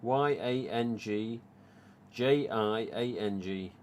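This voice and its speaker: This live stream host, a mask collector from the English East Midlands, wanders chattily through his subject and repeats conversations he's had. He speaks slowly in a lowish, darkish voice, and there's a slight hiss or hum on the recording.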